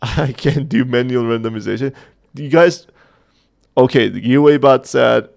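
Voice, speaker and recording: Gravelly-voiced man chatting on a livestream. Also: medium pitch, a little mellow. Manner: chatty, joking, reading chat aloud. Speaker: host of a community livestream. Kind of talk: casual livestream chat.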